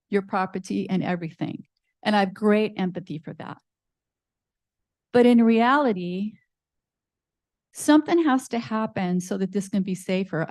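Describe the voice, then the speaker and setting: An older woman making a public comment at a city meeting, forceful and pointed yet earnest, speaking at a podium microphone. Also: mid-range voice, dry recording, studio quality.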